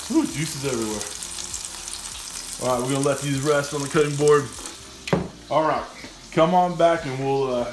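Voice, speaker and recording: A man hosting a casual cooking demo, easygoing and chatty, saying "all right" often while he grills. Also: mid-range voice. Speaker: cooking channel host. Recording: roomy echo.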